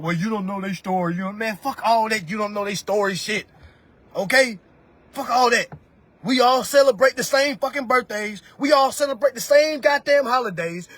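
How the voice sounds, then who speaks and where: A man's voice: very high-pitched, a bit bright, no room sound. A man in his thirties ranting on a livestream, preachy and profane, talking straight to his viewers and calling them family. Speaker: livestreamer giving money advice. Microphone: phone.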